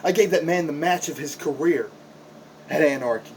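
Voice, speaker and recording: A man's voice: fairly high pitch, moderate pace, a little hiss or hum, low-quality recording. A man cutting an impassioned, confrontational wrestling promo, repeating himself for emphasis as a backyard wrestler.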